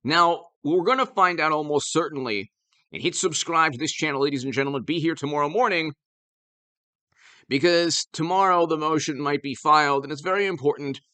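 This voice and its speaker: A man's voice: on the high side, brisk, pushed and bright. A man hosting his own political commentary channel, talking in an urgent, emphatic way and often restarting and repeating words as he argues.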